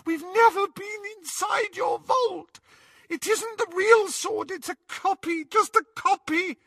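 A man voicing a terrified young woman in an audiobook reading, tearful and pleading in a high voice. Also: slow pace, fairly bright tone, no room sound, studio quality, recorded from a distance, full character voice.

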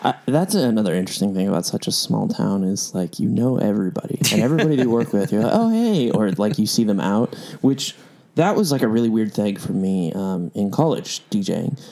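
A young man with a low, gravelly voice tells a rambling story in casual conversation. He leans on fillers and acts out what people said. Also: lively intonation, a little fast, dark tone. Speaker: podcast host and DJ. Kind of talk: casual chat.

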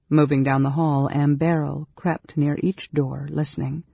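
An audiobook narrator reading a novel aloud in a measured, steady way, with a husky voice. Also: mid-range voice, no room sound. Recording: dull, dry lo-fi recording.

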